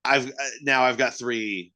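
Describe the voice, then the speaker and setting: Male podcast co-host, bright tone, rambling, profane, self-mocking casual chat. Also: mid-range voice, measured pace.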